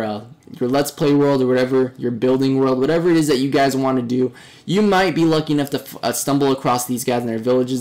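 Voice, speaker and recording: A young man narrating a casual game walkthrough in a chatty, relaxed way, his voice a little hoarse and fading. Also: medium pitch. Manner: chatty, relaxed, with fillers and upbeat remarks. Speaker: game reviewer.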